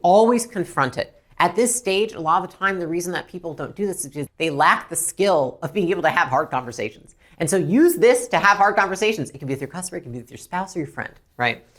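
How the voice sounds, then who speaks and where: Talking fast with barely a pause, a business coach with an expressive, fairly low voice gives blunt, emphatic instruction to camera on handling customers. She plays out short scenes between customers and staff.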